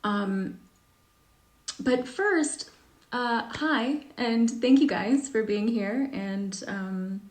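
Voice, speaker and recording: A woman's voice: on the high side, extremely slow. Chatty woman in an echoey room. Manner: chatty, self-deprecating, many fillers. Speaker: author answering reader questions. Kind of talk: casual live stream Q&A.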